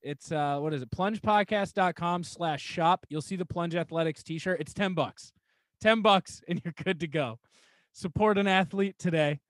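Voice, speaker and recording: A man with a notably high voice talks loosely on a podcast, laughing in the middle of his sentences as he rambles on. The sound is dry and close, with no room around it. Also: moderate pace, no echo. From New Hampshire. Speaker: podcast guest. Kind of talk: casual podcast chat.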